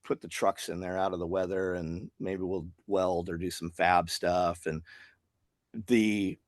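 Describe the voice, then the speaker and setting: A man's voice: low voice, a little slow, no room sound. A man who is a guest on a podcast, telling a story at length and acting out the lines of the people in it. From Tennessee, US. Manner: animated storyteller acting out quoted dialogue. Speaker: podcast guest, business owner. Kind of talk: casual storytelling interview.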